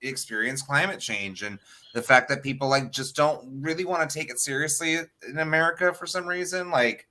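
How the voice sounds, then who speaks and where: A man from California talks in an animated way on a casual podcast, dropping curse words freely. His voice is bright and sits a little high. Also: moderate pace. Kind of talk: casual chat.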